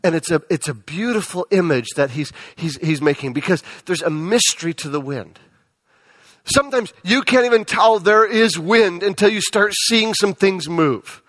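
A man's voice: high voice, lively intonation, normal speed, fairly bright tone. A man, perhaps in his thirties, preaching a sermon as a pastor, often stumbling and repeating words as he goes.

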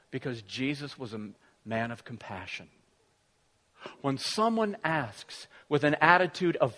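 A man's voice: a little high, a bit bright, big-room sound. A middle-aged man preaching a sermon, telling a family story with many restarts and fillers. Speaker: pastor.

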